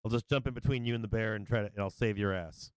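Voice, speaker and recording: A man's voice: lowish voice, fast talker, smooth, dry recording, lightly acted. A man voicing a loyal male border collie that steps into fights to stop them, in an earnest, plain way.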